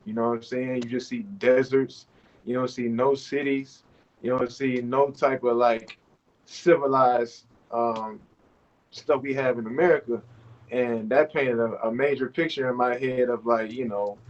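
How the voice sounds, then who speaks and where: A man in his thirties chats loosely over a video call, his talk full of fillers as he drifts from point to point. His voice sits at an ordinary middle pitch, and the call audio comes through dull and lo-fi. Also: measured pace. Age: 30s. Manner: relaxed and rambling, with many fillers. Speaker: overseas basketball player, guest. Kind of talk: casual interview chat.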